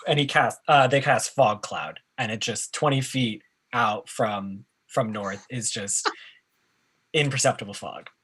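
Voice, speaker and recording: A man's voice: mid-range voice, measured pace, a bit bright, husky. A man playing a tabletop game in a laid-back way. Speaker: player. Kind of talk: tabletop role-play.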